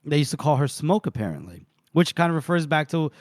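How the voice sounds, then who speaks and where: Male podcast co-host, fairly high, dry mic; chatty recap that slips into brief put-on voices, laughs a lot. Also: sing-song, no echo. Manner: retells scenes with quick put-on voices, laughs often. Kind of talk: casual book-club recap.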